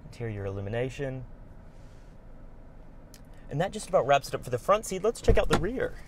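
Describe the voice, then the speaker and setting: A man at a car dealership giving a walkaround tour, listing features in short, brisk bursts. His voice sits at a middle pitch, and faint ambient noise hangs behind him as he talks from inside the car. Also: big pitch swings.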